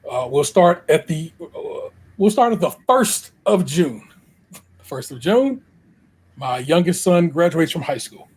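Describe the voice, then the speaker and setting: A man's voice: a little high, big pitch swings, unhurried, a little mellow, slightly rough. A middle-aged man with an Ohio accent, co-hosting a podcast, telling a long story in casual chat. He laughs often and acts out what people said. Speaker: podcast co-host.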